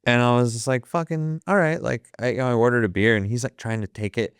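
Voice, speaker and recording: A fast-talking man with a mid-range, steady voice and a clean tone is captured in a clean studio with no room sound. He's an Ohio photographer in his fifties, a guest whose casual storytelling is profane and vivid, acting out the dialogue.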